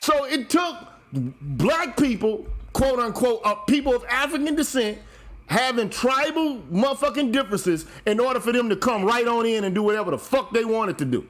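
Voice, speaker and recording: A show host with an unusually high voice lectures at normal speed in an emphatic, heated monologue. His delivery rises and falls with lively energy, and he swears freely.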